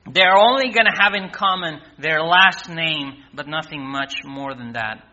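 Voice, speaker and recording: A man's voice: a little high, a little slow, sharp tone, lo-fi sound. A man preaching a sermon, emphatic, repeating key words and firing off rhetorical questions.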